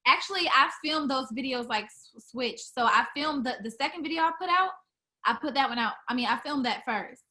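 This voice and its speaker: A woman's voice: sits high, a little fast, pushed and bright. A young woman who sings R&B, chatting casually in an interview, full of fillers and restarts. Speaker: R&B singer, interview guest.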